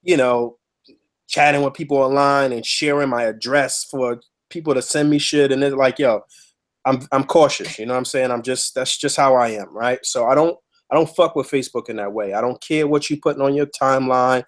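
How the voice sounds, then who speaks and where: A man's voice: medium pitch, steady tone, brisk. A man hosting a podcast, telling a story in a heated, emphatic, profane way. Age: adult with a child. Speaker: podcast host.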